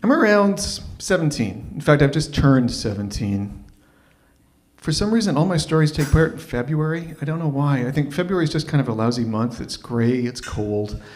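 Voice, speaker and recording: A man from Toronto, telling a story live at an open mic in a wry, animated, self-mocking way. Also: fairly high pitch, normal speed. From Toronto, Canada.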